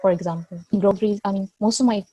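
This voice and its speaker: A young woman with a Sabahan Malaysian English accent speaks in a casual interview, pausing and restarting as she searches for words. Her voice is warm and mellow, recorded close and dry. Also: mid-range voice, steady tone, no echo. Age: 20s. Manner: hesitant, many restarts and fillers. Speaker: interview guest, engineer.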